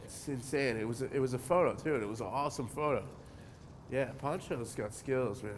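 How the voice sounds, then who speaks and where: A man from New in his forties speaks in a mid-pitched, easygoing voice, dropping curses constantly. He perks up when a story gets good. There is a faint hiss behind him. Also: fairly quick. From New Jersey. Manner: laid-back, swears a lot, animated when telling stories. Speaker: interviewee, pro skateboarder. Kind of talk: casual interview.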